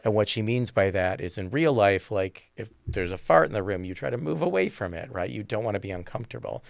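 Gravelly and on the low side, this man's voice is expressive and fairly quick, with no room sound. He teaches improv and talks thoughtfully in a conversational interview, rambling with fillers and frequent "right?" tags.

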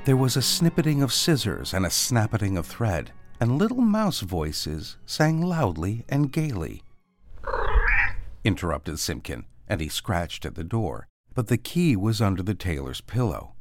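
A man reading a storybook aloud in a gentle, expressive read-aloud manner with soft dips. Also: fairly low pitch, a little slow, soft background music.

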